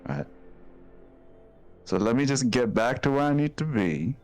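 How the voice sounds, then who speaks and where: A man voicing a defensive young man with no memory, talking gruff and streetwise in a tabletop game. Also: mid-range voice, expressive, unhurried, a little mellow, faint music behind. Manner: gruff, streetwise, mildly profane. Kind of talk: tabletop role-play.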